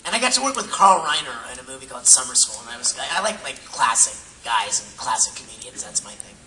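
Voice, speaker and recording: A man on a convention panel, talking easily and a little haltingly about famous people he has met. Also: medium pitch, lively intonation, sharp tone, a little hiss or hum. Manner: easygoing, hesitant with fillers. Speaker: voice actor panelist. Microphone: phone in audience. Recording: echoey distant phone recording.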